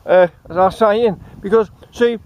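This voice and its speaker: A man with an Australian accent delivering a satirical monologue, giving deadpan, sarcastic mock advice outdoors. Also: high-pitched, moderate pace.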